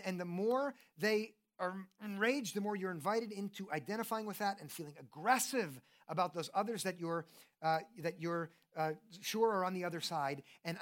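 A preacher with a medium-pitched, fairly bright voice delivers a sermon in an earnest, conversational way. He often puts questions to his listeners and tends to start thoughts with a repeated "and, and."

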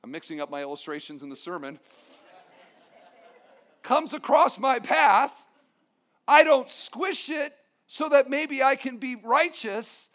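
A man's voice: extremely high pitch, expressive, unhurried, long pauses, a bit bright. A male pastor preaching a sermon, emphatic, with humorous asides.

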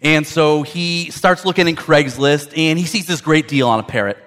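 Higher-voiced man preaching a sermon. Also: moderate pace, a bit bright. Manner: conversational storytelling, repeating words as he builds. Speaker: pastor.

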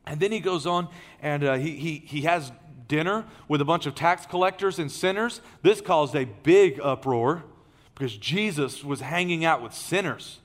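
A man preaching a sermon, telling a story in an animated way and swinging from loud, excited passages to hushed ones. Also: fairly high pitch, moderate pace. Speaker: pastor.

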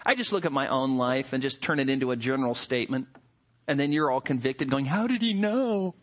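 A male pastor preaching a sermon, reading scripture and explaining it in an animated, conversational way with rhetorical asides. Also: medium pitch, fast talker.

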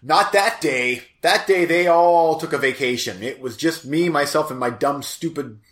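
A man's voice: a little high, moderate pace, a bit bright, echoey room. Rambling man with a crackly voice. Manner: rambling, self-deprecating, lots of fillers. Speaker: podcast co-host. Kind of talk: casual podcast chat.

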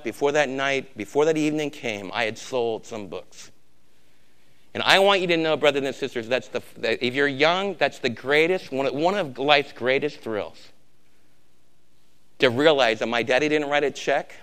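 A man preaching a sermon, emphatic, swinging from loud exhortation to a hushed, intimate tone. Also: mid-range voice, smooth.

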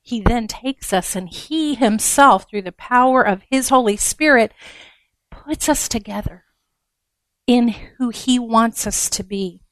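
A woman preaches to a gathering of women in a frank, down-to-earth way, with blunt humor. Her voice sits a little high. The sound is dry and close. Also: takes it slowly, dry recording. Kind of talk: conversational sermon.

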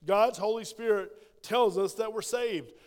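A man's voice: sits high, a little slow, a little mellow. An older man preaching a sermon in a church, emphatic and asking the congregation questions. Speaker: pastor. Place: church sanctuary. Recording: echoey church hall reverb.

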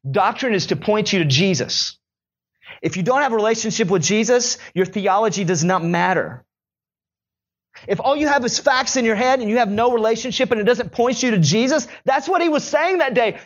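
Young guy pastor preaching, talky and animated, highish voice, kinda dull audio. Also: moderate pace. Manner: conversational, animated storytelling. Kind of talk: sermon.

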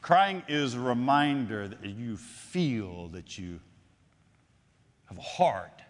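A man preaching a sermon, swinging between loud declarations and hushed, drawn-out phrases and repeating his lines for effect. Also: medium pitch, big pitch swings. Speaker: pastor. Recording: long hall reverb.

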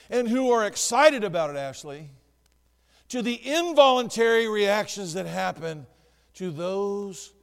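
A man with a high-pitched voice preaches a sermon, dropping to hushed asides and then rising to shouts. His voice rings through a hall with a long reverb. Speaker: pastor.

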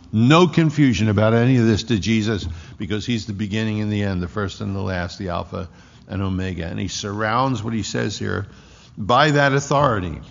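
A man's voice: medium pitch, creaky. Man, pastor, sermon, emphatic repetition, church hall, long reverb, muffled lo-fi sound. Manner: emphatic, repeating key phrases. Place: church sanctuary.

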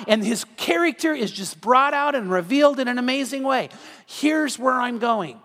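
A male pastor giving an evening sermon in a conversational way, acting out everyday scenes in quick quoted voices. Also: extremely high pitch, animated, fairly bright tone. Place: church sanctuary. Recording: long reverb of a large hall.

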